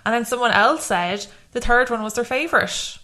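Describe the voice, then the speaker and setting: A woman's voice: on the high side, normal speed, sharp tone. A young adult woman, co-hosting a podcast in a rambling, chatty way with lots of fillers. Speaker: podcast co-host. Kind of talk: casual chat.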